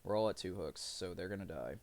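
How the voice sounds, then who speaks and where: Gravelly low-voiced man streaming gameplay. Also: fast. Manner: rambling, profane, self-mocking. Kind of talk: live gameplay commentary.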